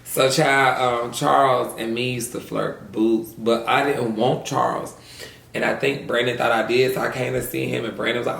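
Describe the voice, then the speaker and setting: A man's voice: mid-range voice, little pitch movement, normal speed, vocal fry, a bit bright, roomy sound. A man vlogging at home, telling crude stories in a sassy, casual way and calling the audience "girl". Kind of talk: casual storytelling mukbang chat.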